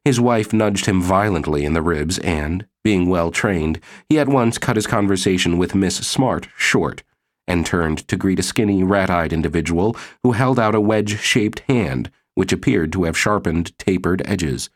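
A man narrating an audiobook in a measured, even reading. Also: deep voice. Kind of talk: scripted narration.

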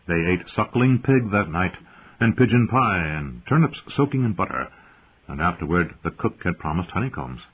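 Deep husky male audiobook narrator. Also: big pitch swings, normal speed. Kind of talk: scripted narration. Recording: narrow phone-like sound.

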